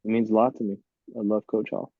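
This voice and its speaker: A man in his thirties from Miami, a podcast guest telling lively, laughing stories about his college baseball days. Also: on the low side, fast talker, vocal fry, dry recording, narrow, tinny audio. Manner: lively, laughing anecdotes with quoted voices. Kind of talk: casual storytelling on a podcast.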